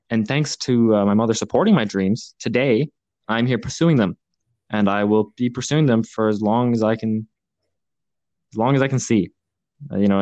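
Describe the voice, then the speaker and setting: A young man hosting a podcast, talking in an earnest, reflective way, pausing often with fillers. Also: fairly low pitch, a little mellow, clear, resonant tone, no room sound, muffled recording. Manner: earnest, thoughtful, halting with many fillers. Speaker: podcast host. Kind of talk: reflective casual podcast talk.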